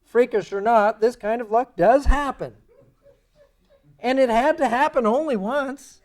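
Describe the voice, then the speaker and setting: A man giving a creation science lecture in a church, animated and sarcastic in his asides. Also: very high-pitched, a little slow. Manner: animated, sarcastic asides, mocking quoted voices. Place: church sanctuary.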